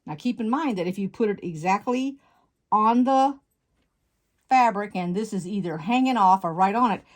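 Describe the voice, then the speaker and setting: A woman's voice: mid-range voice, expressive, normal speed. A woman hosting her quilting channel, explaining fabric cutting step by step in a chatty, folksy way and stopping to correct herself, recorded at a sewing table at home. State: slightly out of breath. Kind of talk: casual step-by-step sewing tutorial.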